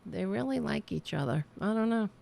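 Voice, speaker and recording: A woman hosting a live-streamed political talk show, ranting angrily and bluntly, with plenty of profanity and some quieter asides to the chat. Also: mid-range voice, expressive, a little fast, vocal fry.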